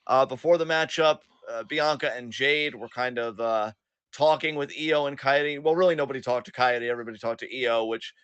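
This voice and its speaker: A man's voice: medium pitch, brisk, fairly bright tone, smooth, dry recording, dull audio. A man co-hosting a casual wrestling recap podcast, swearing freely and sarcastically acting out what the wrestlers said. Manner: profane, sarcastic, acts out quotes. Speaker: podcast co-host.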